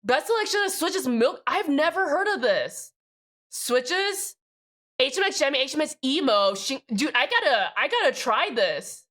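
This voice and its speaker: A woman's voice: sits high, very animated, moderate pace, fairly bright tone. A young woman streaming live, rambling and chatting casually with plenty of swearing.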